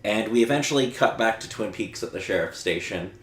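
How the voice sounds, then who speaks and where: A man's voice: lowish voice, lively intonation, brisk. Guy hosting a chill podcast, recaps stuff loosely, lots of um and like, echoey room. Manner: casual plot recapping with lots of "like" and "um", blunt and swearing. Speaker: podcast host. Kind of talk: casual podcast chat. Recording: roomy echo.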